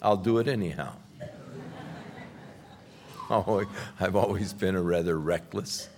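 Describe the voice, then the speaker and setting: A male pastor preaching a sermon in a slow, emphatic style that swells loudly on scripture. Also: sits low, long reverb tail, slight background noise.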